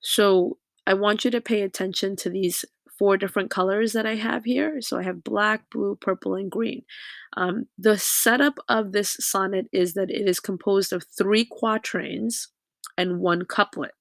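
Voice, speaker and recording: A woman's voice: medium pitch, steady tone, a little slow, vocal fry, fairly bright tone, no echo. A woman teacher giving a recorded lesson to her students, explaining patiently, with frequent fillers and "okay?" check-ins.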